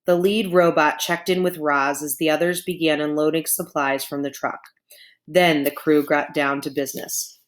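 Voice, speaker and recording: A woman's voice: sits low, fairly even intonation, normal speed. A woman reading a chapter book aloud to children, adding chatty asides to her young listeners. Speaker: storyteller. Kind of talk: children's storybook read-aloud.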